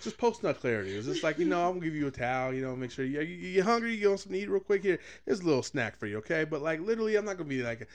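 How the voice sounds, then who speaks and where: Brief: a cocky man riffing crudely, lively rise and fall in his voice. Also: a little high, rapid-fire, few pauses. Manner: boastful, rambling, crude, slips into bits. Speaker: podcast host and wedding officiant. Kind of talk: casual chat.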